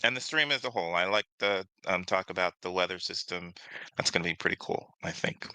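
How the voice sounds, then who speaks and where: A man's voice: sits low, a little fast, bright, forceful tone, clear, resonant tone, dry recording, poor audio. A man co-hosting a casual discussion, talking with many fillers and restarts. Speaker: podcast co-host.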